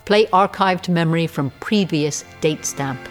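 An actress playing a brisk, businesslike technician who gives crisp commands. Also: female voice, lowish voice, over loud music, lightly acted.

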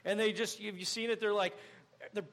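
Delivering a sermon in a church, a young man who pastors speaks fast in a high voice with vocal fry. He acts out scenes with energy and breaks into abrupt, loud outbursts.

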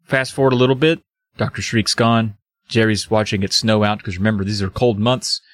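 A man co-hosting a podcast, recapping an episode in a joking, animated casual chat. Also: on the low side, brisk, no room sound. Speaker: podcast co-host.

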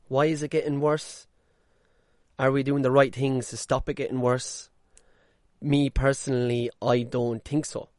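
A man talks straight into the mic, blunt and unfiltered, dropping curses as he goes. His voice sits at a middle pitch. The sound is close and dry, with no room echo. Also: darkish tone. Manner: blunt, swears freely, mimics people in mocking voices. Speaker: podcast host. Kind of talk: casual monologue podcast. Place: caravan.

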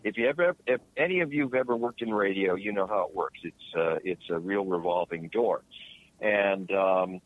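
A man's voice: low-pitched, moderate pace, no room sound. A middle-aged man, a longtime radio host, chatting casually and rambling with many restarts and fillers. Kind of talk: casual chat. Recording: dry tinny phone line.

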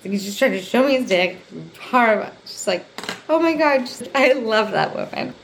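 A young woman telling a story on her own podcast, her voice at a middle pitch and full of "like" and casual swearing. She acts out every quote, jumping high when she plays herself angry. A faint hiss sits under the recording. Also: normal speed. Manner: animated, acts out quotes with big pitch jumps; swears freely, says "like" constantly. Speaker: podcast host. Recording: faint background noise.

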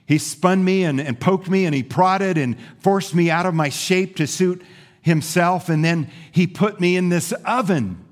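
A pastor voicing a frightened, complaining talking teacup that pleads and cries out while it is shaped, fired and painted in a sermon story. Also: male voice, high voice, a little slow, pitched above the performer's own voice. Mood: panicked.

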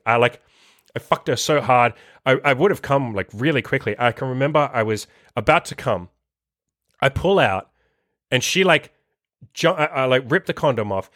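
A man's voice: mid-range voice, a bit bright, no room sound, clean studio sound. A young man and dating coach telling a story in a casual monologue, loose and profane, full of fillers and restarts.

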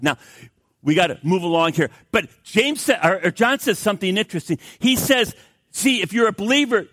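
An older man, a pastor, preaching a sermon with lively storytelling and jokey asides to the congregation. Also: sits high, dry recording, studio quality.

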